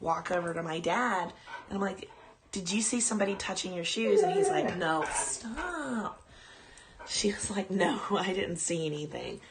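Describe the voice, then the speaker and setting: Chatty and rambling, a woman podcast host tells a personal ghost story on a live stream and breaks off to coo at her dog. Her voice is lowish and her pace moderate, with crowd noise in the background.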